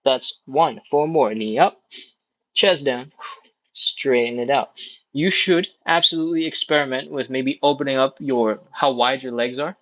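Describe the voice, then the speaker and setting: A man leading a live stretching workout, calmly cueing breaths, counting reps and encouraging beginners. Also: mid-range voice, unhurried, dry recording, muffled recording. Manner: calm, encouraging, stretches out words on exhales. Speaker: stretching instructor.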